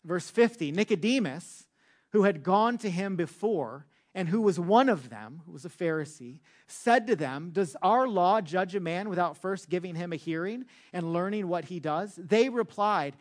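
A male pastor preaching a sermon with emphatic, drawn-out words for stress. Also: sits high, expressive.

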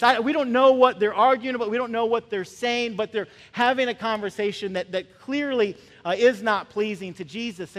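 Guy preaching, pretty high voice, chatty sermon with little acted-out bits, big echoey church. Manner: conversational, acts out voices of characters. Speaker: pastor. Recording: long reverb of a large hall.

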